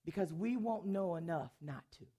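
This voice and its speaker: A middle-aged woman preaches a testimony to an audience, her voice rising and falling with a lively, musical pitch. She tells her story dramatically and laughs often. Her delivery swings from loud bursts to hushed, confiding tones. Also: moderate pace, breathy edge. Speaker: speaker giving a testimony to an audience. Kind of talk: animated testimony sermon.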